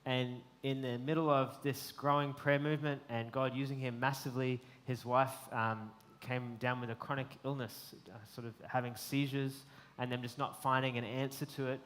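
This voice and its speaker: A man's voice: mid-range voice, level tone, moderate pace, a bit bright. Earnest man preaching a sermon. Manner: earnest, reflective, frequent ums. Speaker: pastor.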